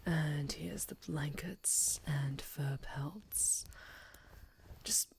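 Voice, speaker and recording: A woman voicing a powerful, possessive female orc warrior in a whispered role-play, murmuring and often breathy. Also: low voice, very slow, a little mellow, heavily acted. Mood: worried, soothing. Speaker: ASMR storyteller.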